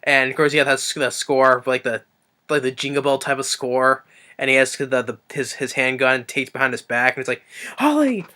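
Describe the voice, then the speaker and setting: A man's voice: monotone, moderate pace, sharp tone. A man reviewing a movie off the cuff, rambling with lots of fillers and restarts. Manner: briefly acts out quotes in a higher voice.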